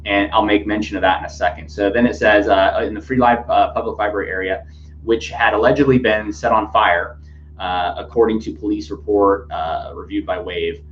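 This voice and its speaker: A man's voice: fairly low pitch, fairly even intonation, moderate pace. A man hosting a casual news commentary podcast, rambling with many fillers and restarts. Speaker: podcast host. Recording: dull lo-fi sound with faint hum.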